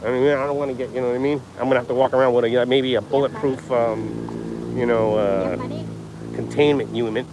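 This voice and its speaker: A man's voice: medium pitch, fairly even intonation, a little fast, creaky. Rambling man livestreaming outdoors. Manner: rambling, chatty, jokey, lots of "you know what I mean". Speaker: livestream vlogger. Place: outdoors on a beach with birds and traffic. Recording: outdoor background noise.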